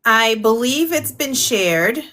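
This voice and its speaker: A woman's voice: fairly high pitch, animated, takes it slowly, sharp tone. An American woman in her thirties who is running for office, speaking politely and a little hesitantly as a guest on a video call. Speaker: congressional candidate. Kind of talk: casual conversation.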